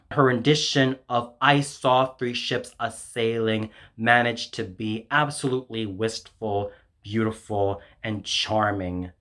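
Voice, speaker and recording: A man's voice: medium pitch, pushed and bright. A man reading his own scripted music album review aloud in a formal, effusive manner.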